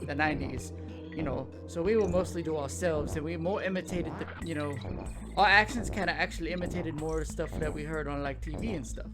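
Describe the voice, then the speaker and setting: A man's voice: fairly high pitch, a little fast. A man in his thirties from South Louisiana with a South Louisiana accent, chatting casually and rambling as he plays a video game. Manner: rambling, loses his train of thought. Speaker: gaming show host. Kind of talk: casual chat while playing a video game. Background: game music.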